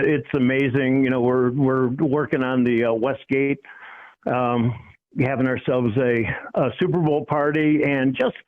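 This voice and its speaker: Chuckling ex-football player, muffled audio. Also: male voice, medium pitch. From Cleveland, USA. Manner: chuckling, self-deprecating, halting restarts. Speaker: guest, former football player. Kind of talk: casual storytelling on a sports podcast.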